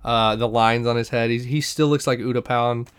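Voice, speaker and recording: A man's voice: medium pitch, moderate pace, clean tone. A man co-hosting a podcast, retelling TV episodes in casual chat, swearing often and acting out scenes as he goes. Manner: profane, animated retelling with impressions. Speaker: podcast co-host.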